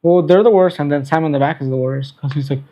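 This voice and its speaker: Young male guest, deadpan storyteller, raised pitch, warm dark timbre. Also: quick pace. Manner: deadpan, blunt, mimics customers. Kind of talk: casual chat, telling work stories.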